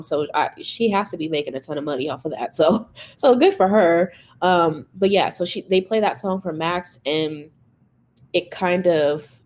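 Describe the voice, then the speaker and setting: A woman's voice: on the low side, darkish tone, slight background noise. A woman hosting a podcast, chatting casually and animatedly about a TV episode, full of fillers and acted-out reactions. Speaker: podcast host. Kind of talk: casual solo podcast recap.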